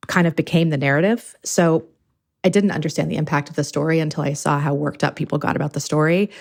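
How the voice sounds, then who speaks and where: Low-voiced woman film director guest. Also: a little mellow. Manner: thoughtful and articulate, speeding up and slowing down as she reflects. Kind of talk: conversational interview.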